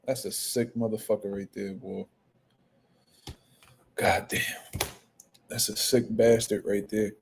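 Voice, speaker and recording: A young man hosting casual boxing reaction commentary, profane and animated. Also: fairly low pitch, slow, gravelly, long pauses, a little hiss or hum. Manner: profane, animated trash talk.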